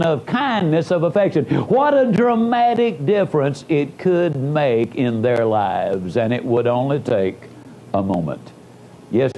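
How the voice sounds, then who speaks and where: A man giving a motivational speech as a dramatic story, swinging his pitch and loudness and slowing down for emphasis. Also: poor audio. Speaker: motivational speaker.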